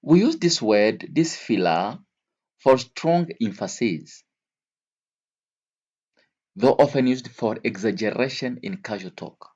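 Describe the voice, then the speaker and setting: A man teaching English vocabulary to learners, speaking slowly and repeating each word and example several times. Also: mid-range voice, animated, darkish tone, muffled recording. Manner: slow, repeats words and examples.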